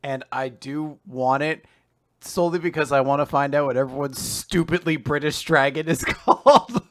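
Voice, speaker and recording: A man co-hosting a casual manga podcast, animated and quick to laugh. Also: a little high, slight background noise. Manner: animated, laughs often, bursts into mock British voices. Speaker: podcast co-host. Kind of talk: casual chat.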